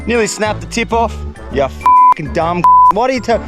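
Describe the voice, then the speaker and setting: A man talks to camera on a remote beach in a high voice that swings up and down. He is excitable, laughs a lot and curses at himself, with music under him. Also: unhurried. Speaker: survival and fishing vlogger. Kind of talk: casual talk to camera outdoors. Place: outdoors on a remote island beach.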